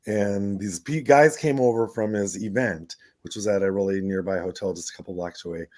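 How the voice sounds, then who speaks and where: A man co-hosting a radio talk show, telling lively stories and acting out quoted voices, often laughing. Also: lowish voice, fairly quick, no echo. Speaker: radio show co-host, former city council member. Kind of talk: casual storytelling radio conversation.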